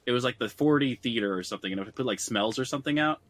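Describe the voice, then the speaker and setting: A man with a bright, forward voice chats loosely on a gaming podcast. He rambles, packs his sentences with filler words and laughs often as he goes. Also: medium pitch, racing, dry recording. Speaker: podcast co-host. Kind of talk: casual chat.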